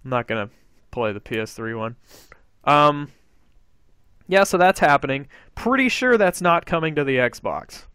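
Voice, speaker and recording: A man hosting a casual gaming podcast, excitable and swearing freely as he acts out what others said. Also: fairly high pitch, normal speed, long pauses, smooth, dry recording. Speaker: podcast host.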